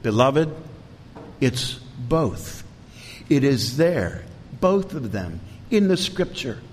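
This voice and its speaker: A pastor preaching a sermon with fervent emphasis and sudden loud rises in his voice. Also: very animated, slow pace. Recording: long hall reverb, faint rumble.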